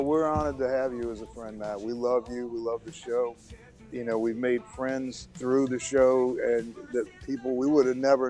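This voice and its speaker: A man's voice: mid-range voice, darkish tone. A man calling into a show, chatting casually in a laid-back, joking way. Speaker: caller. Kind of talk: casual call-in chat.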